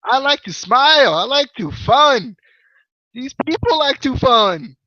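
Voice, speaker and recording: A man doing an impression of an excitable foreign wrestler, using a put-on Indian accent and broken English. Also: measured pace, no echo, highs cut off, full character voice. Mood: hyped. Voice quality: high, broken English, sing-song.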